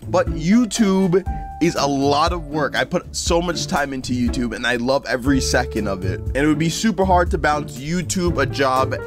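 A man's voice: a little high, normal speed. Goofy teen guy with music underneath. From Connecticut, USA. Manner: goofy, jokey, animated. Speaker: YouTuber. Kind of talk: casual vlog reading comments.

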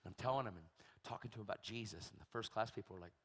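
A man preaching a sermon, telling a story with animated energy and acting out the people in it. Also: fairly low pitch, racing, breathy edge. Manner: animated storytelling, acts out voices, shrieks in quotes. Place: large church hall. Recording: long hall reverb.

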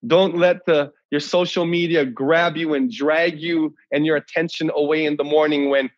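A middle-aged pastor from Hawaii giving a leadership talk, telling a story in an animated way and acting out the dialogue. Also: male voice, fairly high pitch, moderate pace, no echo. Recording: slightly muffled dry sound.

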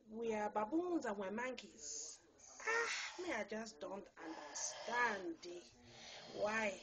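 A Zambian woman with a high-pitched voice, speaking her mind to camera. She talks slowly and emphatically, pressing each indignant point and tagging it with a questioning "eh". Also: fairly bright tone. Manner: indignant, emphatic, with frequent "eh" tags. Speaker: vlogger.

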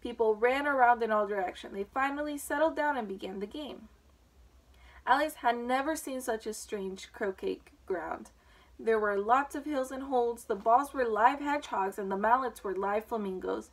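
A woman with a fairly high voice reads a children's storybook aloud. Her reading is relaxed and informal, with the odd um as she points out the pictures. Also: normal speed, poor audio. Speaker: reader.

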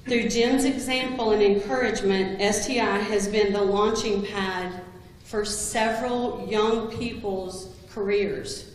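A woman delivers a eulogy for a longtime coworker, sharing humorous anecdotes about him. Her mid-range voice stays fairly even and slow, with a slight hiss or hum in the background. The hall is very echoey, with long reverb.

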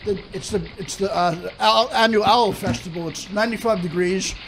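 Brief: male guest, halting mock weatherman read, fairly high pitch. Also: vocal fry, noisy background. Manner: halting, stumbling over words.

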